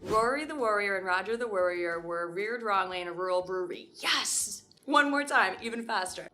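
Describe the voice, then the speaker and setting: Bright, upbeat American woman. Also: medium pitch, expressive, moderate pace, faint music behind. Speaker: guest teacher.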